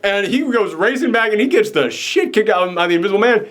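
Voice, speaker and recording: Excited young guy gushing about a film. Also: sits high, fast. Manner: animated, excited, acts out characters' lines. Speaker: podcast co-host reviewing a film. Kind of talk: casual chat.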